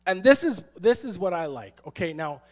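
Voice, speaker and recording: A man's voice: sits high, big pitch swings, normal speed. A man who is a pastor, giving a sermon in a playful, sarcastic storytelling manner and acting out quotes.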